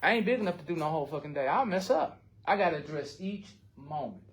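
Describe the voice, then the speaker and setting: A man's voice: fairly high pitch, lively intonation, quick pace. An older man, speaking bluntly and with heart in a recovery support circle, often swearing. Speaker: recovery group member.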